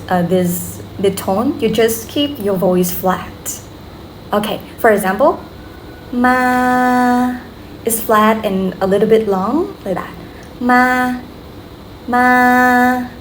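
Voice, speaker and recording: This language tutor is a young woman with a Vietnamese accent who speaks medium-pitched, slowly and patiently. She runs drills repeatedly, peppers her speech with "okay," and faint background noise can be heard.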